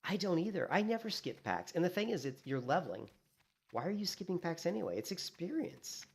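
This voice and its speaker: A man streaming a game, chatting casually and telling animated stories, acting out what others said and filling in with "you know" and "like". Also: high-pitched, fairly quick, creaky, slightly rough. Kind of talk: casual gaming stream chat.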